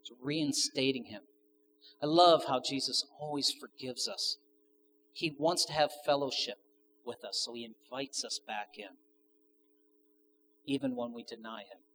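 A man's voice: medium pitch, measured pace, long pauses, fairly bright tone. Male pastor with a mid-range voice, preaching in an easy, joking way and asking his listeners questions, with faint noise behind him. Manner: conversational with joking asides; asks the audience questions. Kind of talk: sermon.

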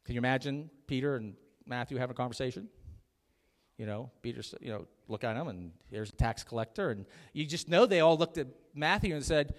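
Lively-voiced pastor preaching in a hall. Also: male voice, medium pitch, brisk. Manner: chatty, jokey preaching with audience call-outs. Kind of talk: sermon. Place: church sanctuary. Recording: long hall reverb.

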